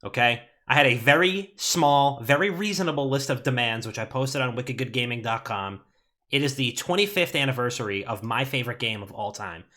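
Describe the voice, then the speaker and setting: A male podcast host at an average pitch, talking casually and animatedly. He rambles through stories with lots of filler and cursing. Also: fairly quick. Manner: animated, swearing, rambling storyteller.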